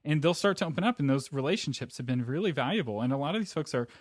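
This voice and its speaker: A man hosting a podcast in casual chat, explaining his points in a measured, reflective way. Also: fairly high pitch, animated, dry recording, clean studio sound. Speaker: podcast host.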